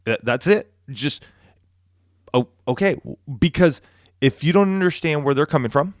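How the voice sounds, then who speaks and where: A man co-hosting a marriage podcast, talking in a relaxed, reassuring way with frequent restarts. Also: a little high, normal speed, dry recording, studio quality. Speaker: podcast co-host. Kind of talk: casual marriage podcast talk.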